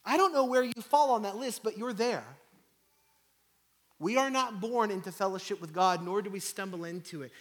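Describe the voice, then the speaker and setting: A man with a high-pitched voice delivers a sermon from the pulpit. He stacks rhetorical questions in a rising rhythm, then sinks into soft, hushed passages. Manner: rhetorical repeated questions, swinging from loud to hushed. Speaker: pastor.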